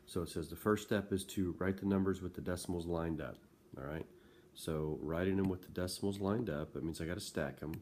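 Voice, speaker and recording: A man's voice: sits low, a little fast, a little mellow, a little hiss or hum. A male math teacher talking students through a lesson in a casual, conversational way, often checking in with "okay?".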